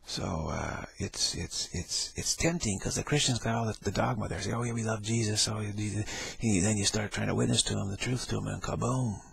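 A man's voice: on the low side, a little fast, vocal fry, few pauses, fairly bright tone, husky, no room sound. A man giving a rambling spiritual talk, laughing often and acting out the people he quotes. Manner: laughing, repetitive, acts out quoted voices. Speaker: spiritual teacher.

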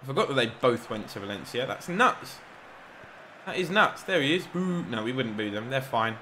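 A young man giving excitable, rambling live commentary over a football video game, shouting encouragement at the players and joking at himself. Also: medium pitch, normal speed, a little hiss or hum. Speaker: gaming YouTuber.

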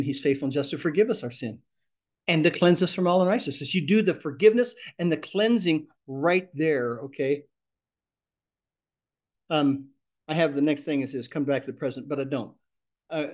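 A man teaching a ministry class, speaking in an animated way and acting out the prayers he teaches. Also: a little high.

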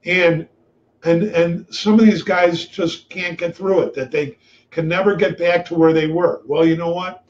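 A man hosting a webinar, telling stories from his trading days in a blunt, profane, animated way. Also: on the high side, unhurried. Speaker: webinar host, trader. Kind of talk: casual storytelling. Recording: dull lo-fi webinar audio.

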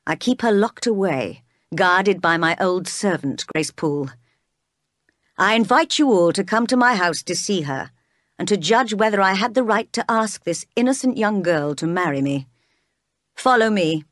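A woman reading as a stern, brooding gentleman. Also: mid-range voice, animated, normal speed, dry recording, studio quality, lightly acted. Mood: bitter. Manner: growling, commanding. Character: stern, brooding gentleman, middle-aged man.

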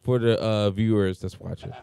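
A man's voice: on the low side, fairly even intonation, moderate pace, gravelly, dark tone, clean tone. A man co-hosting a podcast, teasing and swearing in a joking casual chat. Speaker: podcast co-host.

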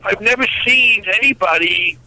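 Blunt older man on a bright phone line. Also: sits high, moderate pace, gravelly. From United States. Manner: blunt, wry, emphatic with repeated restarts. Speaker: congressman, interview guest. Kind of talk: political interview by phone.

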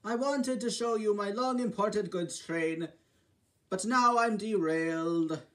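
A man's voice: high-pitched, slow. A man putting on a proud boastful steam engine. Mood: subdued. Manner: excited, boastful.

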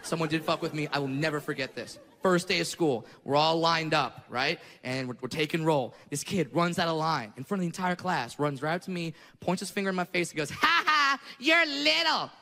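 A man's voice: fairly high pitch, a little fast, hardly any pauses, a bit bright. A male stand-up comedian telling self-deprecating, punchy stories from a club stage. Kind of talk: stand-up set. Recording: reverberant hall with faint noise.

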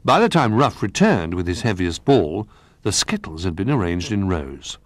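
A male storyteller reads a children's picture book, his low voice rising and falling widely. The voice has a husky grain and the recording is close and dry, with soft music faintly behind. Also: normal speed, dry recording. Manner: expressive, lilting. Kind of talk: storybook narration.

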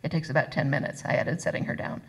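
A woman author reading her novel aloud at a live event, expressive and voicing each character. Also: low voice, quick pace, gravelly, husky, poor audio. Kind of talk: live first-person book reading. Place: arts center reading event.

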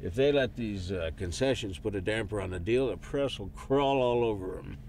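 An actor playing a blunt, impatient middle-aged businessman and father, gruff and scornful. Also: fairly low pitch, normal speed, a little mellow, slight background noise. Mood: brisk.

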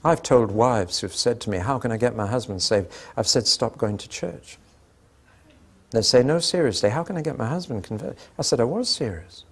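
A man's voice: medium pitch, husky. An older man preaching a sermon, telling anecdotes with dry humour and acting out the dialogue.

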